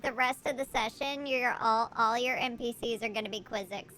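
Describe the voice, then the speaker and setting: A woman's voice: fairly high pitch, normal speed, bright, forceful tone. A woman player chatting at a tabletop game, bubbly, joking and mock-apologetic. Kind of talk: casual play session chat. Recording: background chatter noise.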